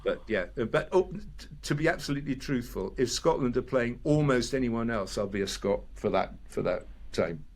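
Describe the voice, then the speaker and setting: An older man from England, talking as a guest in a relaxed interview. He tells stories with energy, jumps into other people's voices and laughs often. His voice sits at a middle pitch. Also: moderate pace, few pauses. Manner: lively storyteller, mimics voices and screams, laughs often. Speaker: actor guest. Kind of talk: casual interview chat.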